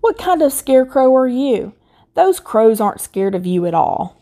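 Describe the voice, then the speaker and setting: Lady doing a stern grumbly farmer guy, firm and scolding, mellow voice. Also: fairly high pitch, very animated, normal speed, pitched above the performer's own voice.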